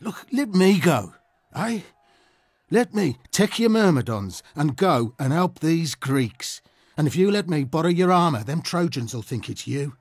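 A loyal young Greek warrior pleading with a Birmingham accent, played by a man. His voice sits a little high and sounds earnest and reproachful. The recording is close and dry. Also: big pitch swings, measured pace, slightly rough, no echo, heavily acted. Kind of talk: radio drama acting.

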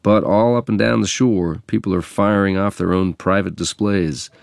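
A man from England narrating a memoir in a measured, reflective reading. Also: low-pitched, steady tone, vocal fry, no echo, studio quality.

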